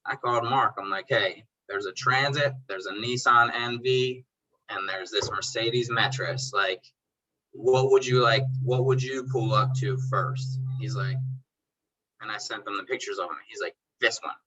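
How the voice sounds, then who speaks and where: This detailing business owner, appearing as a podcast guest, speaks in a lowish, unhurried voice on a recording with the top frequencies cut off. It's a casual interview chat where he animatedly replays old conversations, voicing both sides. His slangy, relaxed delivery keeps addressing people as "dude" and "bro."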